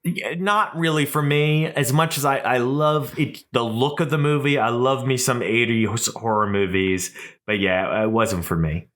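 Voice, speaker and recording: A man's voice: mid-range voice, a little slow, fairly bright tone. A young adult man co-hosting a podcast, chatting casually and jokingly about movies, often swearing. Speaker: podcast co-host. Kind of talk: casual chat.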